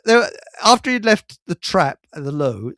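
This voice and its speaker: Chuckling, rambling man host, higher voice. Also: big pitch swings, moderate pace, a bit bright, no room sound, studio quality. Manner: rambling, laughs often at his own stories. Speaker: host of a live stream show. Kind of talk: casual chat, anecdotes.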